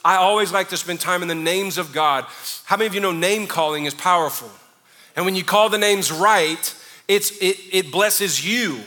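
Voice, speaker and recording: A man's voice: high-pitched, normal speed, bright, forceful tone, big-room sound. A man preaching a sermon, moving from teaching into fervent, half-sung prayer. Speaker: pastor.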